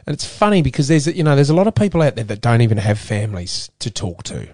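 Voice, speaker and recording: A middle-aged Australian man, a former footballer turned radio presenter, talking candidly in an interview, earnest and halting with frequent restarts. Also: mid-range voice, sing-song, warm tone, no room sound, studio quality.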